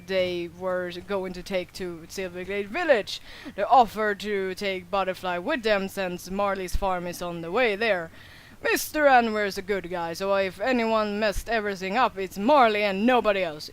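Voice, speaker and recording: A woman's voice: mid-range voice, close to an everyday voice. A woman reading game dialogue aloud, voicing a hot-tempered young man who rants and blames his brother. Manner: exasperated, ranting.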